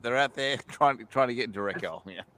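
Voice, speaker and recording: A man's voice: medium pitch, fast, bright, forceful tone. A man in a casual chat who stammers and restarts his sentences.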